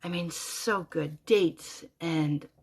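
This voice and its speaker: Animated middle-aged woman telling a story. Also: low-pitched, takes it slowly, husky. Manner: animated, swears freely, rambling with asides. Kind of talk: personal storytelling monologue.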